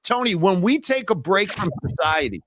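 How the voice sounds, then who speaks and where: A middle-aged man co-hosting a casual sports talk podcast, animated and joking, often laughing as he talks. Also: high-pitched, normal speed, no room sound. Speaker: podcast co-host.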